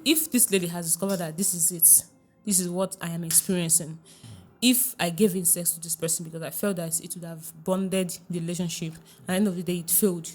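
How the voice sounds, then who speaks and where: A woman relationship coach giving advice in a podcast interview, earnest and emphatic, repeating her key phrases and quoting others in a hushed voice. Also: fairly low pitch.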